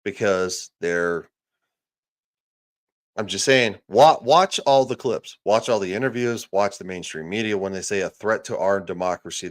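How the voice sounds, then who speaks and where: A man with a fairly low voice runs his own political livestream. He rants in a heated, profane way, and he talks close to a desk microphone. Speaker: livestream host. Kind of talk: casual political commentary stream.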